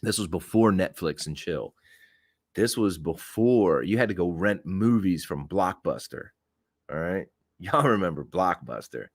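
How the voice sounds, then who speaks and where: A man in his forties tells a casual story on his podcast, laughing and swearing freely. His voice sits low but swings widely and lively. The sound is dry and close. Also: a little slow, no room sound. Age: 40s. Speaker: podcast host.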